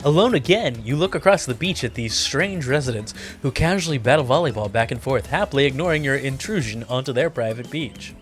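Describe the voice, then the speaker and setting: A gaming creator reads a dating sim aloud and riffs on it in a playful, theatrical way. His voice is lively and animated, swooping through a wide range of pitch, with faint music in the background. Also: a little fast, hardly any pauses. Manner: playful, theatrical, laughs often. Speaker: gaming YouTuber.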